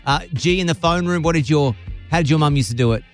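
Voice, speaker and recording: A man's voice: on the high side, quick pace, faint music behind. A man hosting a radio show, chatting with callers in a playful, teasing way. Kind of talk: casual radio chat. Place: radio studio.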